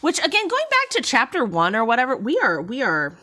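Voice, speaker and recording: A woman chatting casually on a live stream, rambling and cutting herself off mid-thought. Her voice swings widely in pitch, and coughs break up her talk now and then. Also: brisk. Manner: rambling, animated, frequent self-interruptions. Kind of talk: casual live-stream book critique chat.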